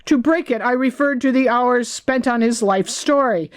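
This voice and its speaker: A woman's voice: fairly high pitch, moderate pace. Woman reading her own book aloud. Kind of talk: audiobook narration.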